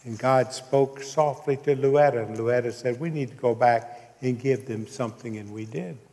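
A man's voice: medium pitch, moderate pace, warm tone, in a large hall. A man preaching a sermon, telling a story and checking in with his congregation as he goes. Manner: preaching with call-outs to the congregation. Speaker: pastor.

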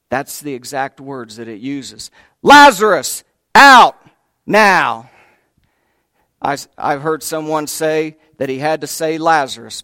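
A man's voice: on the high side, dry recording. Emphatic preacher man with a dry sound. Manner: emphatic storytelling, asks the crowd questions; talks directly to the congregation. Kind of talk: sermon.

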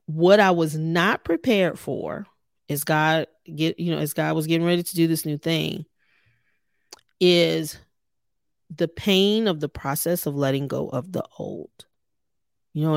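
A woman's voice: sits low, vocal fry, no echo, studio quality. A woman in her thirties hosting a faith podcast, talking earnestly and conversationally to her listeners. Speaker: podcast host. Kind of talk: personal faith podcast talk.

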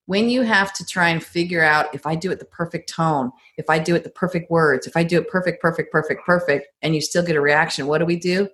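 A middle-aged woman in a casual advice conversation, telling personal stories and acting out quoted lines with lively jumps in pitch. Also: fast, few pauses. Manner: animated storyteller, acts out quotes with big pitch jumps.

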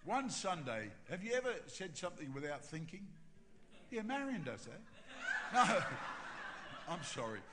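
Aussie pastor guy telling a funny story, high bright voice, echoey big church hall. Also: measured pace, long pauses, noisy background. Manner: animated, self-mocking humorous storytelling. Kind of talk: storytelling sermon. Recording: reverberant hall with faint ambience.

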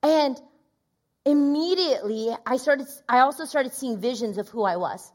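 A woman pastor in her thirties preaching a sermon, telling a personal story in an animated way and acting out the quoted voices. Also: sits high, moderate pace. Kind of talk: sermon testimony.

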